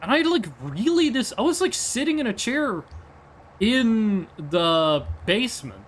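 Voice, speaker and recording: Animated Norwegian-accented man, high lively voice. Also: unhurried. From Norway. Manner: animated, rambling, swears often. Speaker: streamer. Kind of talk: casual chat.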